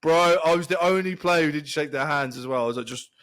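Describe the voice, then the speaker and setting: A man co-hosting a football podcast, telling a long story in a rambling, animated way. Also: on the high side, fast. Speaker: podcast co-host. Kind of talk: casual storytelling chat.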